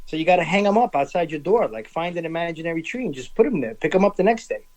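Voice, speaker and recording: A man's voice: on the high side, lively intonation, quick pace, darkish tone, rough recording. A middle-aged man telling stories as a guest on a casual interview show, repeating phrases for emphasis and often restarting his sentences. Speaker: food business owner, guest.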